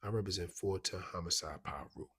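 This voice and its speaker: A man's voice: low-pitched, a little fast, fairly bright tone, slightly rough, no room sound, studio quality. Man quoting a swaggering young gang member. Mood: menacing. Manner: street slang, clipped and blunt.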